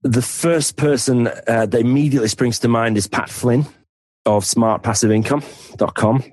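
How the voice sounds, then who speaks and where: A man's voice: mid-range voice, steady tone, moderate pace, a little mellow, dry recording. A man with a Northern English accent, a podcast guest chatting casually and laughing at himself. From North of England. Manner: chatty, self-deprecating, laughs easily. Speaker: podcast guest, financial planner. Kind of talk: casual interview chat.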